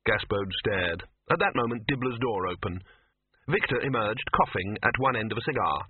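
A man's voice: fairly low pitch, lively intonation, moderate pace, husky, no echo. A man narrating a story as an audiobook reading, in a wry, dry storytelling manner. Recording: dry, tinny phone-like sound.

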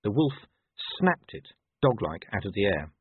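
A man narrating an audiobook in a lively, expressive storytelling manner. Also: on the low side, moderate pace, husky, no echo. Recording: tinny lo-fi dry recording.

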